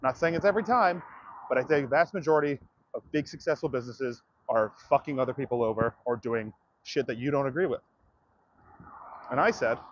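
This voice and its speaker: A man's voice: medium pitch, highs cut off, a little hiss or hum. A man livestreaming outdoors, ranting to his viewers in a profane, direct way. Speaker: comedian livestreamer. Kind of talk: livestream rant to chat.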